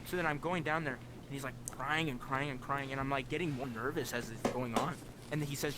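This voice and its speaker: A man's voice: on the high side, lively intonation, fast talker, background noise. A young man telling a personal story on a voice chat, earnest and full of "like" fillers, his voice leaping up whenever he quotes himself. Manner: earnest, heavy use of "like" fillers, voice jumps up when quoting himself. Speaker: guest.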